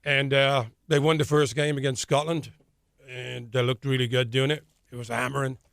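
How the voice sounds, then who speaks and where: An Irish man, a soccer coach, talking relaxed and matter-of-fact as a guest in a radio studio. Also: medium pitch, moderate pace, vocal fry, no room sound. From Ireland. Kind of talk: casual radio interview.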